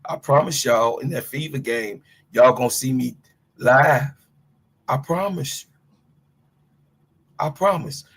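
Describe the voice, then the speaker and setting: A man's voice: medium pitch, slow, pauses often, a bit bright, slightly rough. A middle-aged man hosting a sports talk livestream, ranting in a fired-up, blunt way and swearing freely as he speaks to his chat and co-host. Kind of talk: heated livestream rant.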